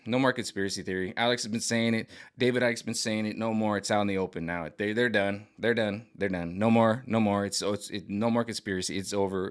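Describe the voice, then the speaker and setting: A middle-aged man with a somewhat low voice talks to camera on his own. He rambles, repeats phrases and restarts sentences, and he sounds agitated and worked up. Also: fairly bright tone. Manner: mimics other voices sarcastically. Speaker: vlogger. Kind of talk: rambling monologue.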